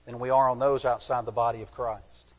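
A man's voice: mid-range voice, little pitch movement, a little fast. A man preaching a sermon, reading scripture aloud and stopping to point out key words for his listeners to mark. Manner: emphatic, teaching, tells listeners to underline words; reads scripture aloud in old-fashioned wording. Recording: long reverb of a large hall.

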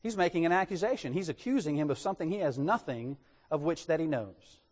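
A man preaching a sermon in an animated way, putting rhetorical questions to his congregation. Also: fairly high pitch, fast, in a large hall.

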